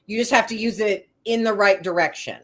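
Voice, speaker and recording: A middle-aged woman from the United States co-hosting a casual live-stream chat, firm and steady in how she speaks. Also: medium pitch, a little fast. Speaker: co-host.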